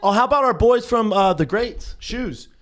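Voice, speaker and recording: A man in his thirties co-hosting a podcast, joking around in casual banter and acting out people in quick, animated voices. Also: high voice. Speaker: podcast co-host.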